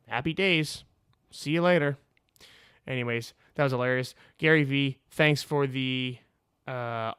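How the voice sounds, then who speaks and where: A man's voice: medium pitch, a bit bright, clean tone, no echo, studio quality. A man hosting his own podcast, telling a story casually and with energy, swearing freely and laughing as he talks, recorded on a video camera on a tripod. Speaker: podcast host.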